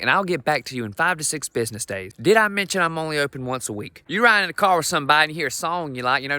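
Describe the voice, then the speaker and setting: A man's voice: a little high, bright, forceful tone, no room sound. A young adult man doing brash, profane, self-deprecating stand-up comedy.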